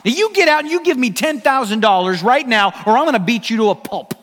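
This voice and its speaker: A man playing an angry driver who yells insults and threats in a joke told from the pulpit. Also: extremely high pitch, lively intonation, fast talker, long reverb tail, pitched above the performer's own voice, exaggerated voice. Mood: furious. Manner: loud, shouting insults. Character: irate male driver, bullying and threatening.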